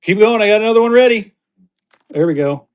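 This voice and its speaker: High-voiced upbeat livestream auction seller man. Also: clean tone. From Colorado. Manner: upbeat, rapid-fire adding items, gets excited.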